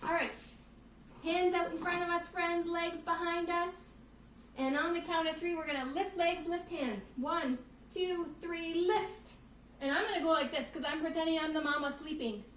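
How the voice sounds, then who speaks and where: Playful female kids' yoga teacher, high voice, mic set back in a roomy space. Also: normal speed, distant mic, slight background noise. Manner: animated, playful, addresses children as friends. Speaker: children's yoga instructor. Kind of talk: storybook reading with guided kids' yoga. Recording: echoey room, voice off-mic.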